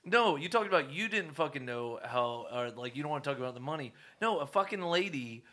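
A man hosting a casual podcast chat, excitable and swearing freely. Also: fairly high pitch, a little fast. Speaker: podcast host.

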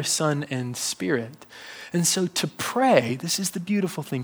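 Lively, joking male preacher. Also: on the high side. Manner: conversational, jokes with the congregation. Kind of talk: sermon.

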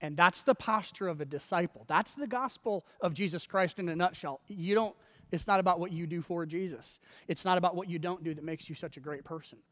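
A man's voice: high voice, fairly quick, fairly bright tone, long reverb tail. A man preaching a sermon in a conversational way, acting out quoted voices and laughing often. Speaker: pastor.

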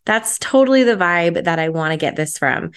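A woman's voice: lowish voice, lively intonation, normal speed, fairly bright tone, clean tone. A young adult woman hosting her solo podcast, chatty and upbeat, with lots of "like" fillers. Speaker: podcast host.

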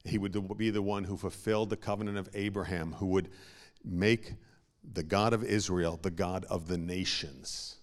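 A man preaching a sermon as a pastor, swinging from hushed asides to loud, emphatic peaks and repeating words as he builds a point. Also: sits low, fairly even intonation, moderate pace.

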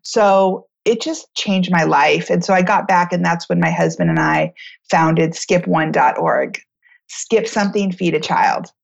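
An American woman who founded a charity, telling her story to a host in a lively, chatty way, acting out the voices of the people in it and using many "like"s. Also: fairly low pitch, measured pace, gravelly, lo-fi sound. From United States. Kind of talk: animated storytelling in a talk interview.

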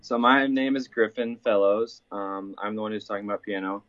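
A man's voice: lowish voice, fairly quick, muffled recording, soft background music. A man in his twenties from Iowa, a college senior talking casually as a podcast guest. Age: 20s.

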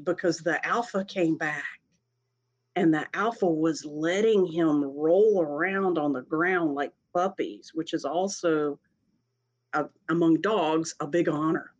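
Chatty rambly storyteller, laughs a lot while talking, kinda muffled lo-fi sound. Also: medium pitch. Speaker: storyteller sharing a personal experience. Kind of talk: casual spoken storytelling.

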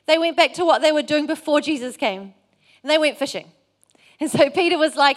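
Woman preacher, earnest storytelling sermon, high voice. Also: brisk. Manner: earnest, storytelling with acted quotes.

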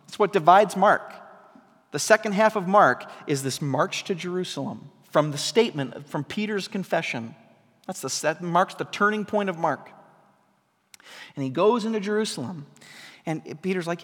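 A pastor preaching a sermon in a conversational style, asking the congregation questions and building to emphatic peaks. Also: male voice, high-pitched, lively intonation, normal speed, fairly bright tone. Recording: long hall reverb.

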